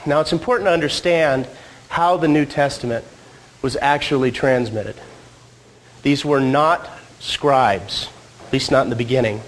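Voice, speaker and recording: Still recovering from a cold, a married man speaks casually at a church hall in a medium-pitched, slightly husky voice, adding playful asides for his listeners. He talks at a normal pace, and the rough recording picks up slight background noise.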